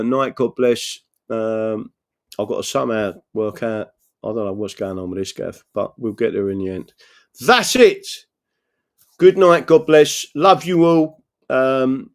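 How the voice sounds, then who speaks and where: A man's voice: medium pitch, darkish tone. Man, political livestream host, rambling, earnest, chats with viewers. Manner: rambling, earnest, keeps asking "right?" to the chat; reads out and answers viewer messages. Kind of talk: live-streamed political monologue.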